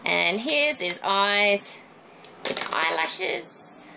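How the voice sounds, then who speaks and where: A woman's voice: mid-range voice, animated, drawn-out words, vocal fry, background noise. A middle-aged woman, chatting through a balloon twisting demonstration step by step. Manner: chatty, friendly step-by-step instructions. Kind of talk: casual demonstration tutorial.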